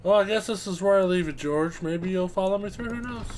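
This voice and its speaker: A man doing let's play commentary, excitable, swearing often and chattering to the things in the game. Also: high-pitched, fairly quick, a little hiss or hum. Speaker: gameplay commentator.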